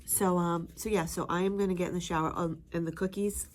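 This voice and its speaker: A woman's voice: fairly even intonation, a little fast, darkish tone. A woman chatting casually in a home vlog, rambling with fillers and talking sweetly to her dog. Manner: high sing-song voice when talking to her dog. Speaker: home vlogger.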